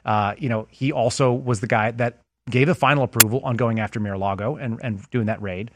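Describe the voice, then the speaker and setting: A man's voice: mid-range voice, steady tone, a little fast, background noise. A man who is a former federal agent, a guest in a casual interview, explaining things with anecdotes and analogies.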